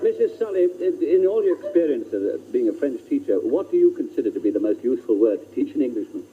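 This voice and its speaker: A man hosting a radio panel show, introducing guests and putting questions in a brisk, jovial, formal way. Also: mid-range voice, sing-song. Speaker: quiz panel show chairman. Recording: muffled old radio broadcast with hiss.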